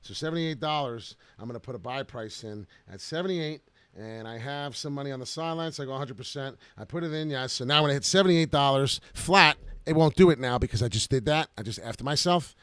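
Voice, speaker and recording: A man giving brash, excited live commentary to viewers while trading crypto on charts. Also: mid-range voice, brisk, clean tone, no echo.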